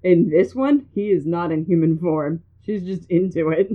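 Over a tinny phone line, a woman with a lowish voice speaking at normal speed hosts a laid-back chat. She tells jokey stories and keeps laughing, a giggly podcast host.

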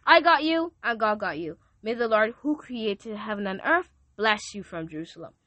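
A woman's voice: medium pitch, normal speed, fairly bright tone, dry recording, muffled recording. A woman, hosting a podcast and speaking emotionally and devoutly to her listeners, repeating herself often. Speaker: podcast host. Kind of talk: casual thank-you message to listeners.

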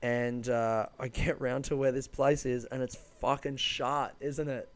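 Casting: man, casual storyteller, swears freely, loose rambling delivery, smooth clear tone, dry close sound. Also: mid-range voice, level tone, a little slow, dry recording. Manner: loose, sweary, rambling with many fillers and self-corrections. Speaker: comedian telling a travel story.

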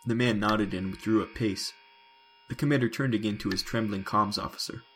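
A man reading a science fiction audiobook in a measured, descriptive way. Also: lowish voice, fairly even intonation, fairly bright tone, low-quality recording. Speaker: narrator. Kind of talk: scripted sci-fi audiobook narration. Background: music.

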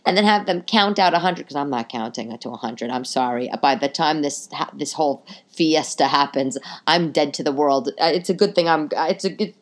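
Woman in her 30s ranting on her podcast at home, fed up, swears a lot, lowish voice. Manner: exasperated, venting, swears freely. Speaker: podcast host. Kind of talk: casual solo podcast rant. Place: home living room.

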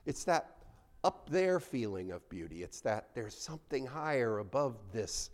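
Animated preacher with a lively voice. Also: male voice, mid-range voice, unhurried. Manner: conversational, animated preaching with sudden loud and soft swings. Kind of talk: sermon.

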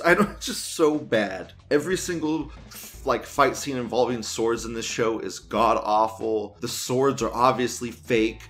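A man's voice: mid-range voice, moderate pace, fairly bright tone, faint music behind. A man hosting a show in casual ranting commentary: crude, rambling, and laughing often. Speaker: host.

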